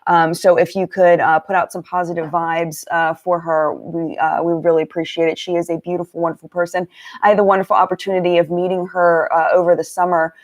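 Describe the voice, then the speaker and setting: A woman's voice: fairly low pitch, level tone, brisk. A woman hosting a casual live-stream chat, greeting viewers one by one and talking about makeup products. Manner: chatty, warm greetings to viewers, many fillers. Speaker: beauty channel host.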